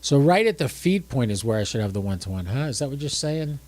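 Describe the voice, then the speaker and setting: A man's voice: mid-range voice, very animated, quick pace, darkish tone. Tired man demonstrating his radio setup. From United States. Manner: chatty, thinks aloud while working the radio. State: drowsy and tired. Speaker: ham radio livestream host. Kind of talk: casual livestream demonstration.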